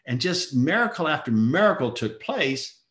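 A man's voice: on the high side, very animated, moderate pace, a bit bright, echoey room. A middle-aged man earnestly telling a personal story as a father, acting out the voices of people in it. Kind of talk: emotional personal testimony.

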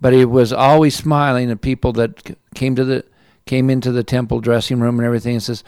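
A man's voice: medium pitch, little pitch movement, fast talker, hardly any pauses, a little mellow, clean tone, no echo, clean studio sound. A man in the audience thanking the speaker and sharing a story, sincere and rambling, with restarts. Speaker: audience member.

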